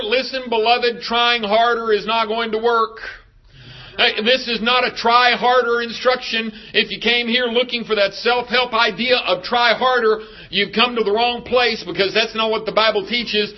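A pastor preaching a sermon, emphatic and asking the congregation rhetorical questions. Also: male voice, very high voice, fairly even intonation, moderate pace, muffled recording.

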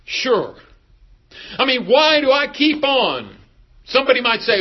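A pastor preaching a sermon, emphatic and asking the congregation rhetorical questions. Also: male voice, very high voice, sing-song, normal speed, muffled recording.

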